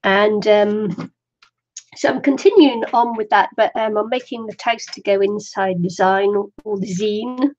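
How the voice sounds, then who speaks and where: A middle-aged woman chats casually on a craft livestream while waiting for viewers, laughing a lot and talking to herself. Her voice is medium-pitched and a little mellow, with fairly even intonation and a moderate pace, and the audio sounds dull and lo-fi.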